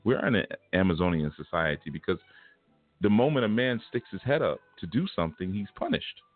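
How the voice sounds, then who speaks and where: A man's voice: sits low, animated, a little fast. A man giving a casual spiritual lecture, talking in a blunt, punchy, confrontational way. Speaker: spiritual teacher. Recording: tinny phone-like sound with faint music.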